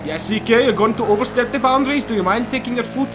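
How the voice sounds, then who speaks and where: A man's voice: very high-pitched, quick pace, noisy background, voice pushed up. A man putting on a mock Italian accent to voice his car as a polite male speaker telling the driver to ease off. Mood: politely scolding. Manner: overly polite, exaggerated.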